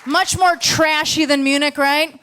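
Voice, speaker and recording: A woman's voice: sits high, fairly even intonation, unhurried, bright, forceful tone, a faint crowd, a little hiss or hum. An American woman doing a stand-up comedy set on a club stage, brash, sarcastic and profane. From United States.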